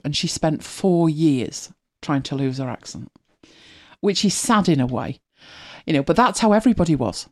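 Here a deep, darkish voice with lively intonation moves at a moderate pace. The speaker is a middle-aged woman from Manchester, England, with a mild accent, who rambles and laughs a lot while casually hosting and reading listener comments.

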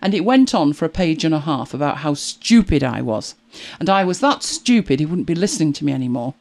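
A middle-aged woman chatting to camera as a video creator, animated and exasperated, laughing at herself. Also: low voice, brisk. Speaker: YouTube creator. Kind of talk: casual chat to camera.

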